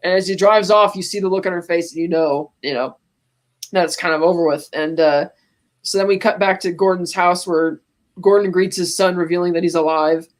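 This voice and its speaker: A podcast co-host on a call, casually recapping a film scene beat by beat in an animated, storytelling way. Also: mid-range voice, normal speed. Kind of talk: casual movie recap chat.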